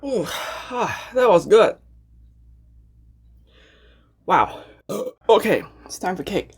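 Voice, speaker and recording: A woman hosting a mukbang, chatting casually between bites with relaxed, unhurried murmurs of enjoyment. She talks from her home apartment. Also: mid-range voice, husky. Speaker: mukbang host. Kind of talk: casual ASMR eating chat.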